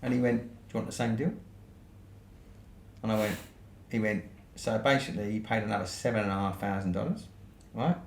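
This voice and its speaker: British bloke, podcast guest spinning a casual yarn, swears a lot, lowish voice, echoey room. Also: male voice, a little fast, vocal fry, long pauses. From United Kingdom. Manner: swears freely, ends points with "right?". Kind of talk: casual storytelling. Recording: roomy echo with faint noise.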